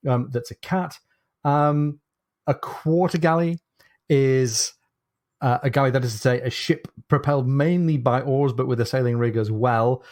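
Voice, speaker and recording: A man's voice: medium pitch, a little mellow, dry recording, clean studio sound. A man co-hosting a book podcast, explaining details with enthusiastic digressions. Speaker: podcast co-host. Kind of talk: casual book discussion.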